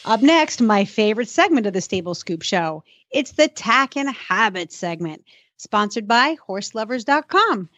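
A woman's voice: mid-range voice, sing-song, unhurried, a bit bright, dull audio. A woman hosting a radio talk show, cheerful and teasing, often laughing between lines. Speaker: show host.

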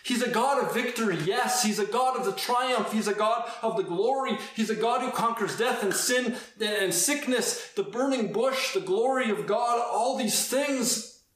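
A man's voice: very high voice, measured pace, a bit bright. A man preaching a conversational sermon, acting out quoted exchanges as he goes. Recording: very roomy, echoey sound.

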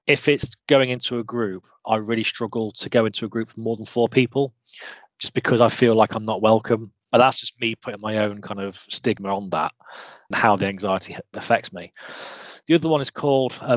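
A British mechanical engineer, appearing as an interview guest, talks openly and earnestly in a candid, self-deprecating way, often restarting his sentences. His voice is on the low side, in a rough recording with no room sound.

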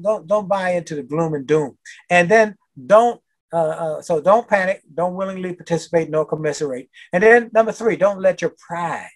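An older man, a motivational speaker, giving a guest interview in a preachy way, repeating his key phrases for emphasis. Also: on the high side. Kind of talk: energetic podcast interview.

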